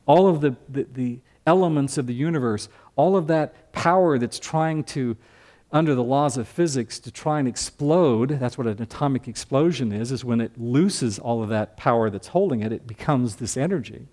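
A man's voice: medium pitch, normal speed, mellow. An older man preaching a sermon as a pastor, teaching from scripture in a conversational way and asking the congregation questions.

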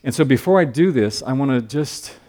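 A man preaching a Bible lesson in a mid-range voice, neither high nor low. He works up to loud, fervent emphasis, then drops into quiet, chatty asides aimed at his listeners. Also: expressive, fairly quick. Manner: conversational with joking asides to the audience. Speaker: Bible teacher. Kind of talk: sermon-style Bible teaching.

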